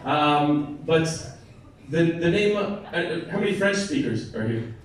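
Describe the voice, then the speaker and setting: A man's voice: fairly high pitch, lively intonation, measured pace. An American man performing a stand-up comedy set at a bar comedy night, chatting with and teasing the crowd. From United States. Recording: echoey room, mic from a distance, crowd laughing.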